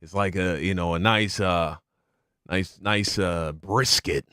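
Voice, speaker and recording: Laid-back man reacting, smooth dry voice. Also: sits low, takes it slowly, pushed and bright, no echo. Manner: laid-back, muses aloud with slang. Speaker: reaction streamer. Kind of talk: casual reaction commentary.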